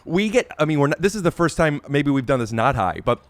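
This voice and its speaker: A man hosting a casual podcast, his voice lively and swooping as he rambles excitedly and pokes fun at himself. He speaks a touch high for a man. The recording is dry and close, with no room sound. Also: fast talker, dry recording. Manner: excitable, self-deprecating, rambling with restarts. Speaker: podcast host. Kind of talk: casual chat and amateur singing.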